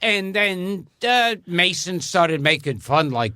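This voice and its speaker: A man's voice: high voice, very animated, slow, hardly any pauses, sharp tone, smooth. A man co-hosting a podcast, explaining background to listeners in casual chat.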